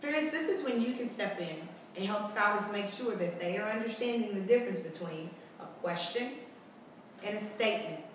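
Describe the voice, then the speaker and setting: A woman teaching kindergarten, explaining a reading lesson slowly and clearly, often asking questions back. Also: medium pitch, lively intonation, heavy reverb, recorded from a distance, a little hiss or hum, rough recording. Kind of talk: recorded tutorial lesson for parents and children.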